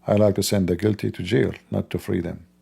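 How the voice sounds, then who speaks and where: A man speaking slow, simple English with non-native grammar, laughing and teasing as he talks. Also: sits low, steady tone, vocal fry, dark tone, slightly rough. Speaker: livestream host. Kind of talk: casual mocking commentary.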